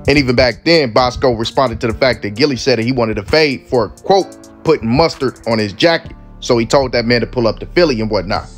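A man hosting commentary over clips, talking in relaxed street slang. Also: medium pitch, a little fast, soft background music. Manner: laid-back street slang, conversational. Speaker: commentary channel host.

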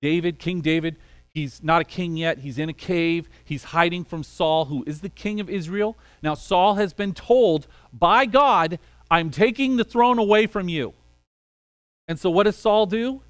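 A man's voice: high voice, a little slow, no room sound. A man preaching a sermon in a conversational way, acting out small quoted exchanges as he goes. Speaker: pastor.

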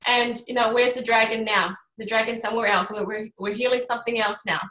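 A middle-aged woman who works as an energy healer talks casually to a small workshop group, her voice a little high and brisk. She tells stories in an animated way, acting out the voices of the people she quotes. The recording has a roomy echo.

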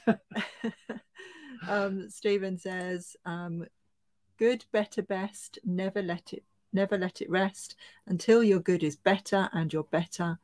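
A woman's voice: medium pitch, fairly even intonation, slow, a little mellow. A woman co-hosting a casual live-stream chat, laughing often as she reads comments aloud. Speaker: co-host.

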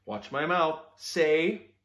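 A man teaching a phonics lesson to young children, sounding out words slowly and with exaggerated care. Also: a little high, animated, a bit bright. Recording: roomy echo.

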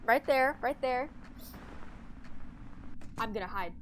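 A woman's voice: fairly high pitch, slow, a bit bright, a little hiss or hum, rough recording. A young adult woman streaming a horror game live, panicking, swearing and repeating herself under stress. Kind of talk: live gameplay reaction.

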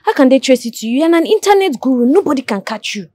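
A woman's voice: sits high, sing-song, fast, warm tone, no room sound. An actress with a Nigerian accent playing a scheming young woman who pushes her hacker friend for a favor. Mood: pushy. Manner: pleading, pushy.

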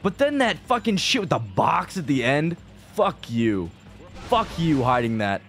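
Here a young video creator rambles through gameplay commentary, swearing casually and getting frustrated, muttering low before erupting. His voice sits on the high side, very animated and fairly bright, yet he takes his time. Game music hums faintly in the background.

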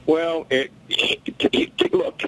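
An older man, a boxing historian, telling stories in an interview and acting out the quotes with animated energy. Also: on the high side, slow pace, poor audio. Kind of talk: interview storytelling.

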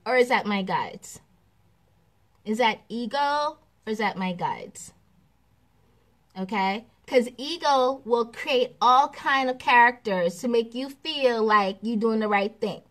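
A woman spiritual teacher giving a casual class, animated and repetitive, laughing and acting out examples. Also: high voice, takes it slowly, pauses often.

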